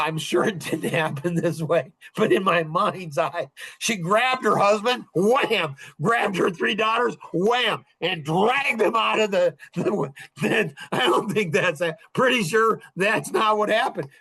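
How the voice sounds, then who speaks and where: Middle-aged male podcast host, casual storyteller, slightly high and very animated pitch, chuckles often. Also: unhurried, husky.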